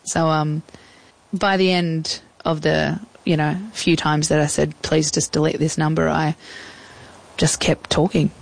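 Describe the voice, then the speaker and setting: A woman's voice: low-pitched, flat delivery, unhurried, vocal fry, low-quality recording. A woman in her thirties with an Australian accent, chatting as an interview guest and acting out old phone calls in quoted voices. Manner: chatty, acts out past conversations in quoted voices. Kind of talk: casual storytelling in an interview.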